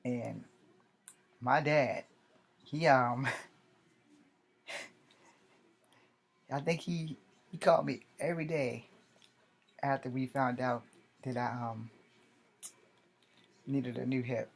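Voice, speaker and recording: A man in his forties tells a story from his own life in a loose, unscripted way. He swears freely, restarts his sentences and corrects himself as he goes. His voice sits at an ordinary middle pitch for a man. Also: steady tone, very slow, vocal fry, pauses often. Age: 40s. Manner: rambling, profane, often corrects himself. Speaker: army veteran vlogger. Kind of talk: casual personal storytelling.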